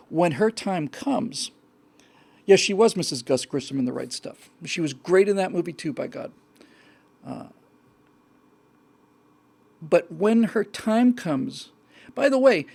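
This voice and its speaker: A man's voice: on the high side, a little mellow. A man hosting a show, talking casually and rambling about a film with many restarts. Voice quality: gravelly. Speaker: host.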